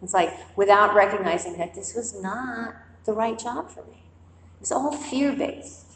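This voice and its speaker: A woman's voice: medium pitch, measured pace, reverberant, in a large hall, a little hiss or hum, low-quality recording. A woman meditation teacher giving a conversational dharma talk to a group, telling stories and acting out inner voices. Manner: conversational, animated storytelling with acted-out inner voices. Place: quiet meditation hall.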